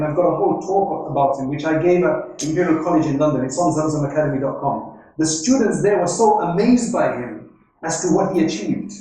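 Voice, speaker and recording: An Islamic scholar gives a religious lecture, weaving in stories and Arabic quotations and asking "right?" as he goes. His slightly high voice sounds dark and mellow. He stands well back from the microphone in a strongly reverberant, echoey hall.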